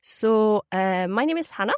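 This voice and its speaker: A woman's voice: mid-range voice, lively intonation, normal speed, clear, resonant tone, no room sound, studio quality. A woman from Sweden who works as a language teacher, talking in a lesson podcast. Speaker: Swedish teacher.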